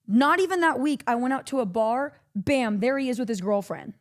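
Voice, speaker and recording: A woman's voice: on the high side, expressive, moderate pace. A woman, streaming a breathless, profane story time. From Texas.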